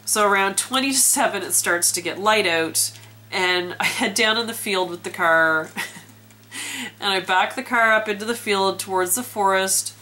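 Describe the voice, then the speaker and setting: A woman's voice: mid-range voice, moderate pace, bright, forceful tone, a little hiss or hum. A woman vlogging in a chatty, self-mocking way and laughing often, talking from outdoors and from inside a parked car. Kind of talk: casual storytelling vlog.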